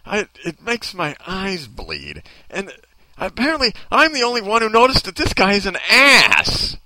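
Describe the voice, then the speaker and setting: A man's voice: sits high, wildly swooping pitch, a little slow, sharp tone, no echo. A man hosting a talk show, ranting in a sarcastic, mocking way and needling people off mic. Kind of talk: comedic opinion rant.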